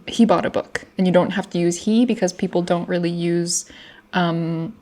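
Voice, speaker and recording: A woman's voice: fairly low pitch, fairly even intonation, moderate pace, a little mellow. A young woman casually explaining grammar from her own study notes, chatty, with lots of fillers and restarts. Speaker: language learner explaining grammar.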